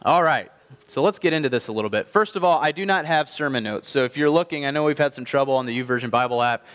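A man's voice: medium pitch, a bit bright, clean tone. Man preaching in a reverberant hall. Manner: conversational preaching with slow emphatic phrases. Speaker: pastor. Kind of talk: sermon.

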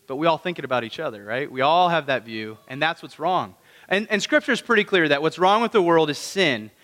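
A man's voice: fairly high pitch, lively intonation, a little fast, sharp tone, long reverb tail. A man preaching a conversational sermon. He keeps asking the congregation rhetorical questions. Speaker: pastor.

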